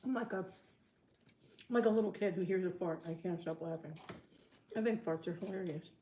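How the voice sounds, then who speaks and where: A woman's voice: lowish voice, normal speed, mellow. A woman co-hosting a casual eating stream, chatty and giggly as she tells stories. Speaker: co-host of a mukbang stream. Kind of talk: casual chat while eating. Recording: echoey room with faint noise.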